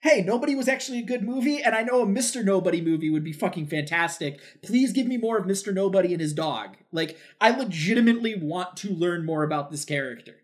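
A man co-hosting a film podcast, chatting casually in an excitable way, swearing freely and stammering. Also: sits high, quick pace, few pauses. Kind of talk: casual film review chat.

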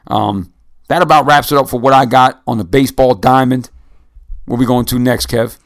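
A man's voice: medium pitch, normal speed, creaky. A man co-hosting a sports podcast, chatting casually and reading off stats with their sources. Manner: relaxed, rattles off stats and cites sources. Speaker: podcast co-host.

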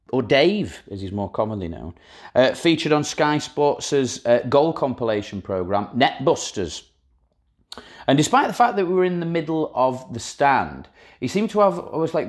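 A man hosting a podcast, telling football stories in a wry, casual way and swearing freely. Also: mid-range voice. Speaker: podcast host. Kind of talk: casual storytelling chat.

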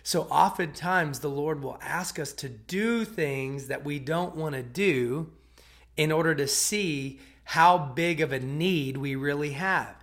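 Male preacher, slightly high voice, casual conversational sermon, checks in with listeners often. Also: slow, fairly bright tone. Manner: conversational, checks in with "okay?" and "right?"; repeats and restarts words as he retells.

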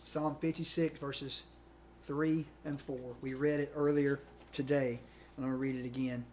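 A man's voice: mid-range voice, level tone, moderate pace, a little mellow, a little hiss or hum. A man preaching a sermon in a conversational way, often checking in with his listeners. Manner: conversational, checks in with "okay" and "right".

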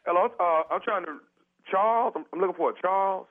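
A man's voice: sits high, a little fast, voice pushed up. A man playing a sheepish house sitter stuck without toilet paper in a prank call, stammering and hesitant. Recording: tinny phone line.

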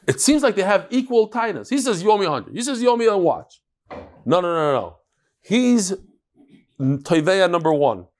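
Animated man teaching Talmud. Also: a little high. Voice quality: animated, storytelling with acted quotes and sudden loud punches. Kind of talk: lively Talmud lecture.

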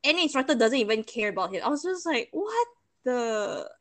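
Animated young woman, lively pitch. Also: rapid-fire. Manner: animated, laughing storyteller, sarcastic asides. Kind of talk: casual chat.

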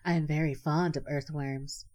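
A woman's voice: normal speed, natural voice. A woman voicing a fussy, easily flustered female duck in a storybook reading. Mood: polite. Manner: high and excited.

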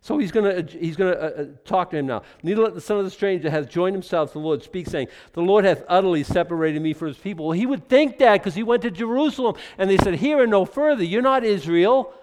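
A man preaching a sermon in an animated, excitable way, often stopping and restarting his sentences. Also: high voice, fast, hardly any pauses, long reverb tail. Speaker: pastor.

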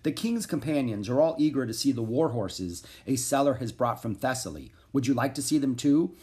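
Man reading a wise old teacher guy, calm, explains stuff slow and steady. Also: medium pitch, lightly acted. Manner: measured and explanatory.

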